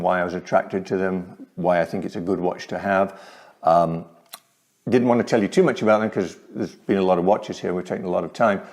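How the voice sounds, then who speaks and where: A man showing his watch collection on a casual vlog, talking slowly and hesitantly with many pauses and ums. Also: deep voice, creaky, a little mellow. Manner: slow, hesitant, full of ums. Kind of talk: casual show-and-tell vlog.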